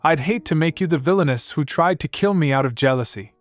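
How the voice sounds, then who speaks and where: A man putting on a shrill scheming young mistress. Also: animated, brisk, no room sound, faint music behind, lightly acted.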